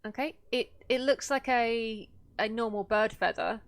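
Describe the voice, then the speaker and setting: A woman running a tabletop game, narrating scenes to her players in an unhurried, descriptive way. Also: a little high, dry recording. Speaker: game master.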